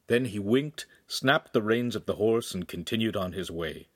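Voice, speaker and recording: A man reading a young adult novel aloud in calm, scripted narration. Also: fairly low pitch, moderate pace, no room sound, clean studio sound. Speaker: audiobook reader.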